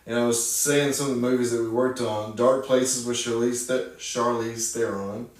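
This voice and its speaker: A man's voice: medium pitch, steady tone, normal speed. A man co-hosting a casual chat, rattling off lists of titles. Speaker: co-host. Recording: echoey room, distant mic.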